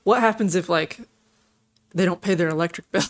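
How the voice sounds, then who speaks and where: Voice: medium pitch, fairly quick. Tech-show co-host, mid-range voice, headline reader with dry asides. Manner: reads headlines, then adds short wry remarks. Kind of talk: casual tech news discussion.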